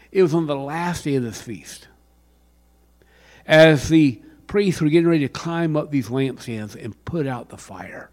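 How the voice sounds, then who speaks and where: An older man preaching a sermon, dropping to a hush and then rising to a shout. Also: a little high. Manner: dramatic swings from hushed to shouting. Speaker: pastor. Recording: long hall reverb.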